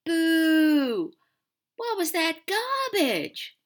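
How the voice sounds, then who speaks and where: A woman's voice: very high-pitched, big pitch swings, extremely slow, voice pushed up, full character voice. A woman playing jeering, rowdy bar hecklers. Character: rowdy, mocking male bar patrons.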